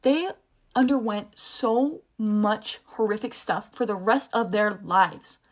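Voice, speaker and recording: A woman's voice: medium pitch, slow. A young woman in a casual vlog rant, heated and swearing, rambling with false starts and restarts.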